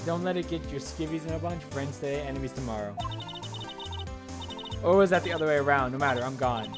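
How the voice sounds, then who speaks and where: A man's voice: fairly high pitch, fast, music in the background, close to an everyday voice. A man voicing a brash southern woman photographer with a twangy drawl and a folksy, sassy manner.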